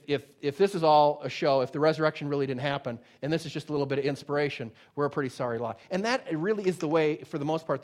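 A man with a somewhat high voice preaches with emphatic force. He drops into casual asides full of fillers, then builds back up to loud declarations. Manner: emphatic preaching, rising and dropping in volume; conversational asides with many fillers. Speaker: pastor. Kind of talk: sermon.

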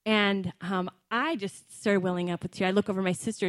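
A woman's voice: mid-range voice, fairly even intonation, fairly quick, hardly any pauses, no room sound. A middle-aged woman preaching a sermon in an earnest, conversational way, often slipping in ums and asides.

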